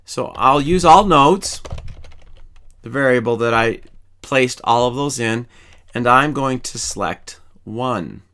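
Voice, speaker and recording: A man teaching a programming lesson, calmly walking through each step as he types code. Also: medium pitch, slow. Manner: calm, methodical, explains each step while typing. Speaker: programming instructor. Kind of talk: screen-recorded coding tutorial.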